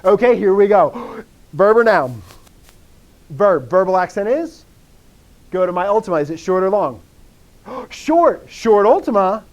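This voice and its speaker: Male teacher, high-pitched, energetic classroom lecturer who drills with call-and-response. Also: normal speed, pauses often, dull audio. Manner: drilling students with repeated call-and-response questions; energetic, animated bursts of enthusiasm. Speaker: Greek teacher.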